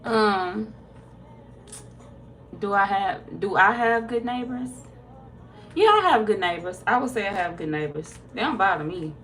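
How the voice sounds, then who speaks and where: A woman tarot reader casually chatting with viewers on a livestream, reading their comments aloud, laid-back and quick to laugh. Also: medium pitch, a bit bright, soft background music.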